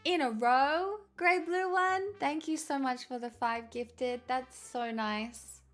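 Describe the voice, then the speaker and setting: American woman streamer, high-pitched, unhurried, playful deadpan chat. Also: soft background music. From United States. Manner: playful, teasing, giggly, deadpan asides. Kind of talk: casual live-stream chat.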